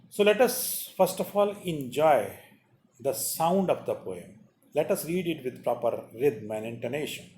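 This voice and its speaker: A man with an Indian English accent, teaching a class on poetry in a slow, explanatory way, repeating key terms. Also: on the high side, a little mellow, a little hiss or hum. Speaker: college teacher.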